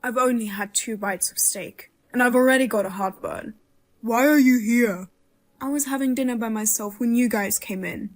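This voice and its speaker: Woman doing a grumpy blunt mom, slightly high voice, dubbed drama. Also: moderate pace, close to an everyday voice. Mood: grumbling. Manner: blunt, grumbling. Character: blunt, scheming mother of a grown son.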